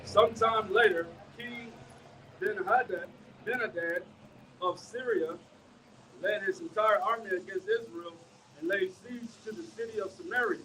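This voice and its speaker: Man reading scripture from a distance. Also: high-pitched. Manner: reads haltingly with fillers, adds "man, all right?". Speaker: scripture reader and preacher. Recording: distant mic with faint outdoor noise.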